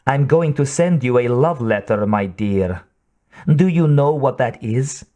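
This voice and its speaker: A man voicing a cold, seductive female sniper who taunts in a slow purr. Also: mid-range voice, lively intonation, mellow, natural voice. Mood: taunting.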